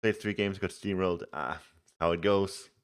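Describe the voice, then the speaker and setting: Young male streamer, deep voice, chatty and easygoing while playing. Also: fairly even intonation, moderate pace, clean tone. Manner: chatty, reads chat aloud, laughs easily. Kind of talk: casual live game commentary.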